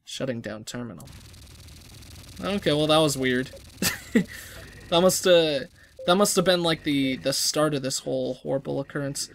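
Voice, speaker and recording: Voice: normal speed, vocal fry, slight background noise. A let's-play gamer giving casual gameplay commentary, rambling and self-deprecating, often trailing off and restarting sentences. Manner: lively, jumpy pitch.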